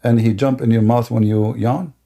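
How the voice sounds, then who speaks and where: Man, debate show host, combative, interrupting, mellow dark voice, repeats and restarts words. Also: mid-range voice, fairly even intonation, moderate pace, gravelly. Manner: combative and insulting, interrupts callers. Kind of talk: live-streamed religious debate.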